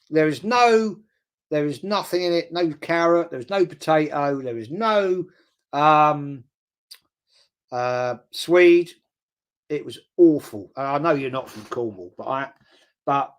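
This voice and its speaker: An older man hosting a casual live chat, rambling bluntly, swearing casually and repeating words for emphasis. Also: mid-range voice. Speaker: host. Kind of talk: casual live-stream chat reading viewer comments.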